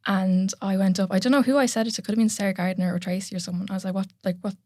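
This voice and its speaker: A young woman with an Irish accent, a guest chatting casually on a podcast, full of "like" and quick laughs. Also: mid-range voice, steady tone, darkish tone, no echo, clean studio sound. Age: young adult. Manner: chatty, lots of "like", laughs while telling stories. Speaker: guest powerlifter. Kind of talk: casual interview chat.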